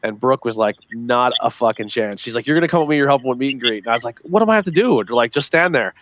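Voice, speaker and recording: Fast-talking podcast host man. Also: medium pitch, no room sound. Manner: excitable, swears freely. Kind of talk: casual chat.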